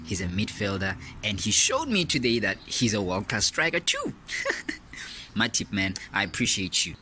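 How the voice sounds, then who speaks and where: Brief: excitable male football fan, bright and animated, faint noise behind. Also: fairly low pitch. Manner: excitable, laughs often, repeats himself. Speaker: fan reviewer. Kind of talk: excited football match review.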